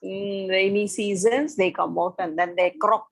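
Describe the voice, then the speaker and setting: A woman telling a children's story slowly, asking a young listener questions as she goes. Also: medium pitch, creaky, rough recording.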